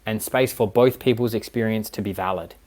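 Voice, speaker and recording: A man's voice: fairly low pitch, brisk, darkish tone. A man speaking as a relationship coach and podcast guest, earnest and explanatory, often checking in with his listener. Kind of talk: casual podcast conversation.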